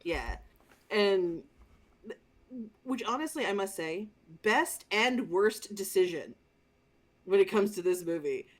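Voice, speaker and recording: A woman co-hosting a casual movie review podcast, telling the story in an animated, exasperated and profane way. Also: medium pitch, takes it slowly, pauses often. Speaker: podcast co-host.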